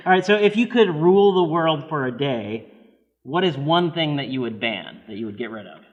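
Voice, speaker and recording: A man hosting a casual party game show, upbeat and quick to laugh, with a habit of repeating himself. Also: a little high, expressive, dull audio. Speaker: host of a church party show. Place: church hall. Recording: long hall reverb, faint noise.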